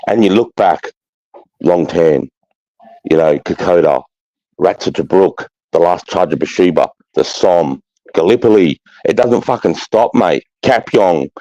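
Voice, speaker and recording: Fired-up Australian army veteran, dark dull voice. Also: male voice, sits low, lively intonation, unhurried, no echo. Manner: fired-up, swears heavily, says "mate" constantly. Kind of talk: casual chat. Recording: slightly dull lo-fi sound.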